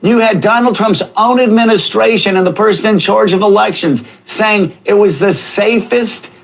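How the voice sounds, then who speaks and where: An indignant man delivers cable news commentary in a fairly high voice. He stumbles and restarts his sentences as he builds his argument. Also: normal speed, gravelly.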